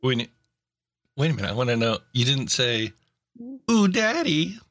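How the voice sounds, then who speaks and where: Bright teasing man with a Connecticut accent. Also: mid-range voice, steady tone, no echo, clean studio sound. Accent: Northeastern Connecticut. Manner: teasing, quick to laugh. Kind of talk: casual chat.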